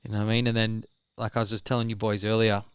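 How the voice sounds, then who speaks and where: A man's voice: lowish voice, level tone, rapid-fire, clear, resonant tone, no echo. An Australian man hosting a podcast, chatting casually and bluntly, swearing freely. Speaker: podcast host. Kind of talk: casual chat.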